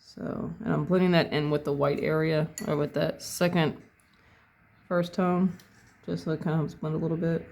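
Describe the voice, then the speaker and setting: A painting instructor narrating a tutorial in an unhurried way, thinking aloud step by step as they work. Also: mid-range voice, flat delivery, gravelly, a little mellow.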